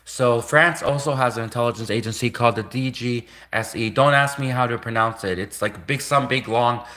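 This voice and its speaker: A man's voice: mid-range voice, fairly quick, sharp tone. A man from Canada talking on a solo livestream, rambling between topics and laughing at his own jokes. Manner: digressive, laughs at own jokes, mock-quotes imagined critics. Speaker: livestream host.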